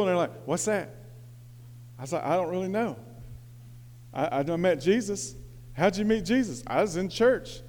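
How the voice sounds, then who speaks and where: A pastor, telling a story in his sermon. He swings from quiet, confiding asides to loud, excited preaching. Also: sits high. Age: 40s. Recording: long reverb of a church hall.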